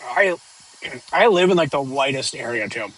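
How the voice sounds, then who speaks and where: A man's voice: mid-range voice, expressive, moderate pace, fairly bright tone, poor audio. A young man streaming live, casually answering viewer questions in a rambling, joking way full of fillers and restarts. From northern United States.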